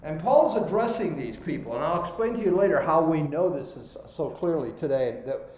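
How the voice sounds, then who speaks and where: A man's voice: fairly high pitch, lively intonation, moderate pace, a little mellow, echoey room, low-quality recording. A man preaching a sermon, reading scripture aloud and stressing key words as he goes.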